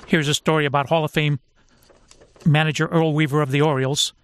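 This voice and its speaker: Measured male radio talk host. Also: fairly high pitch, flat delivery, smooth. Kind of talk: scripted radio interview hosting.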